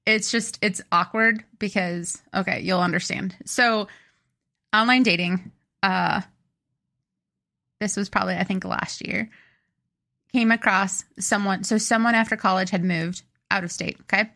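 A woman's voice: mid-range voice, fairly even intonation, measured pace, vocal fry, pushed and bright. A young woman co-hosting a podcast, rambling chattily through a story and poking fun at herself. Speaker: podcast co-host. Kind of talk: casual chat.

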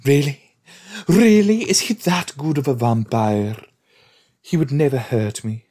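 A man putting on a high, mocking voice of a swooning young girl smitten with a vampire. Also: unhurried, mellow, natural voice.

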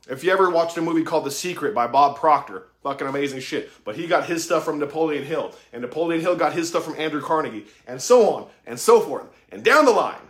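A man giving a casual monologue about mentorship, profane and excitable, full of slang, acting out conversations he quotes. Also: fairly high pitch. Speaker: tattoo artist talking about mentorship.

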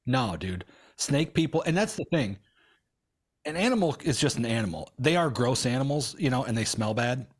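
A husky-voiced man jokes crudely and teases his co-host in loose podcast banter. His pitch swings widely as he talks. He laughs often. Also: big pitch swings, normal speed. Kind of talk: casual banter.

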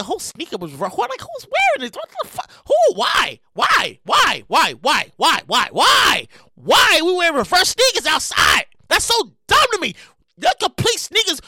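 Loud, excitable podcast host. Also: mid-range voice, dry recording, clean studio sound. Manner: loud, animated, laughs and shouts often. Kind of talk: casual commentary rant.

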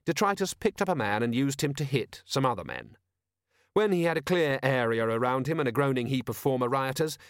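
Guy narrating an audiobook, dry close mic, wry and steady. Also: mid-range voice, no echo. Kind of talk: scripted narration.

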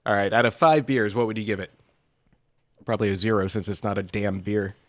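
A middle-aged man hosting a laid-back podcast, wry and quick to laugh. His voice sits low and sounds dry and close, with casual swearing. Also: fairly even intonation, dry recording. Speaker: podcast co-host. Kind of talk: casual chat.

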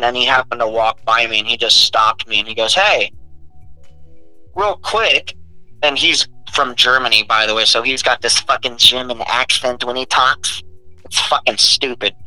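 A man's voice: mid-range voice, sharp tone, low-quality recording. A young man, a welder, telling a blunt, profane story about work in casual chat.

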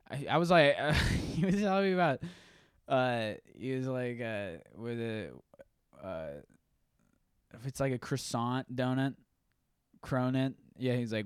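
Smooth-voiced man rambling on a podcast. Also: mid-range voice, a little slow, dry recording, studio quality. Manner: rambling storyteller, animated, many restarts. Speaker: podcast host. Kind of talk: casual solo podcast chat.

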